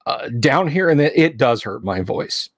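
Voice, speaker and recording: A man hosting a casual livestream from a home studio, rambling and teasing his chat, halting with fillers. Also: medium pitch, very animated, dry recording. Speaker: livestream host.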